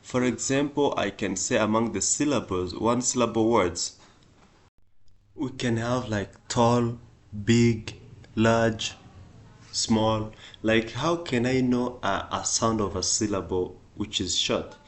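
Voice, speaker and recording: A man teaching a beginner English grammar lesson, going step by step and repeating each example word with extra stress. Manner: slow and deliberate, repeating example words; stresses example words louder and higher.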